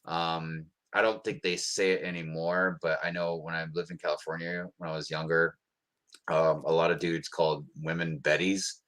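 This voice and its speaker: American guy, lowish voice, rambly casual livestream chat w lots of ums. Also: moderate pace. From United States. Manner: relaxed, rambling with many ums. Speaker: livestream co-host.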